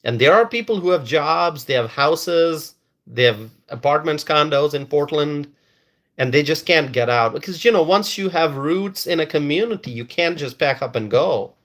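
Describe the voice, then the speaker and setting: A man's voice: fairly high pitch, expressive, moderate pace, fairly bright tone. A man doing live-stream commentary and reading viewer comments, emphatic and repetitive, often stalling and restarting words.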